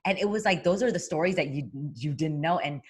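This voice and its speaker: With a husky, fairly low voice, this woman talks fairly quickly. A boxing broadcaster appearing as an interview guest, she chats casually and tells a story, acting out quoted voices amid frequent fillers and restarts.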